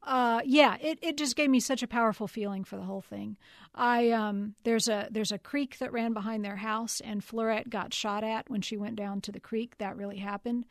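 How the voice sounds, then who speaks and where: A woman's voice: on the high side, steady tone, normal speed, no room sound, studio quality. A woman novelist from Texas chatting animatedly in an interview, laughing easily and restarting her sentences. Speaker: novelist guest. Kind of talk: casual interview chat.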